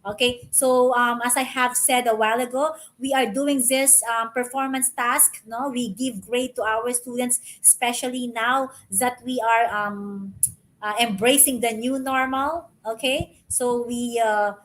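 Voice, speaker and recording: A middle-aged woman with a slightly high voice delivers an online lecture to fellow teachers. She speaks haltingly, repeating words and filling gaps with "um" and "uh". She often checks in with a quick "no?" or "okay?". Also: steady tone, a bit bright. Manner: frequent fillers and tag "no?". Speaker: webinar speaker.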